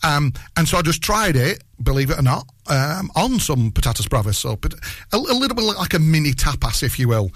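A man hosts a radio food show from the studio, chatting casually and cracking jokes. His pitch sits a touch high and swings a lot, and the studio sound is close and dry. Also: sing-song, fairly quick, no room sound. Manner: chatty, jokey, laughs a lot.

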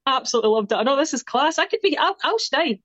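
A woman's voice: sits high, expressive, fast talker, a bit bright, no room sound, muffled recording. A young Scottish woman with a Scottish accent, chatting casually and self-deprecatingly as a singer-songwriter being interviewed. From Scotland.

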